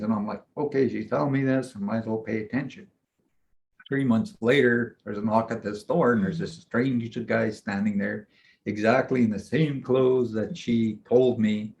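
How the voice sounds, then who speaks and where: Male shaman-mentor, casual storyteller, mid-pitched, loose and animated, muffled lo-fi sound. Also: creaky, slight background noise. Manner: rambling, animated retelling with frequent "I'm like".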